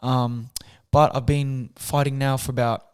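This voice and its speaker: A soft-spoken young man, telling his story in a casual interview. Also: medium pitch, flat delivery, unhurried, clear, resonant tone. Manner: soft-spoken, chatty, acts out quotes with slang. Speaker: guest, boxer.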